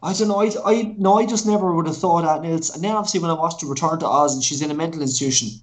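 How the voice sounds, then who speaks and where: A man's voice: a little high, rapid-fire. A young man on a casual film podcast who tells rambling stories peppered with swearing. His voice sits slightly above the usual male range. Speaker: podcast co-host. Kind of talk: casual film review chat.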